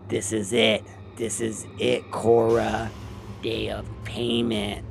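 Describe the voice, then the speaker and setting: Stern cult leader, played by a man, commanding, gravelly, slow. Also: fairly low pitch, monotone, soft background music, full character voice.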